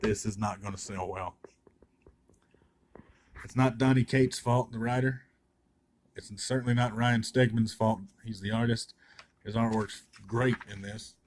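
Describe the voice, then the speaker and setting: A man's voice: fairly low pitch, fairly even intonation, a little slow, pauses often, a little hiss or hum. A man reviewing a comic in a casual, sarcastic and blunt way, swearing freely.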